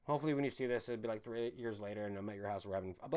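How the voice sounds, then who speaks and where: A man hosting a live stream, ranting angrily and profanely while reading the chat, swinging from loud outbursts to low muttering. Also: rapid-fire. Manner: angry, swearing, swings from shouting to muttering.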